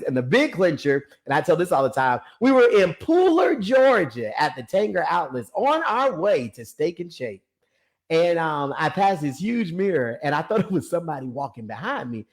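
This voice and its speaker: A young man preaches about getting fit, calling out to his listeners and laughing as he goes. His voice sits a little high and swings widely in pitch. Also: moderate pace. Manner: animated, calls out to listeners, laughs often. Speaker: ministry founder and personal trainer. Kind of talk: lively preaching-style talk to an online audience.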